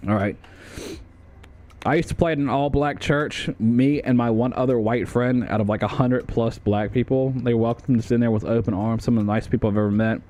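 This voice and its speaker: Man streaming, tier-list commentary, profane, rambling, lots of ums and restarts, mid-pitched voice. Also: steady tone, a little fast, a little mellow. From United States.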